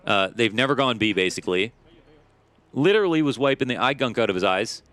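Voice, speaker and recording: A man's voice: medium pitch, animated, a little fast, a bit bright. A man giving esports color commentary in a casual, slangy, jokey way. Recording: noisy game audio behind.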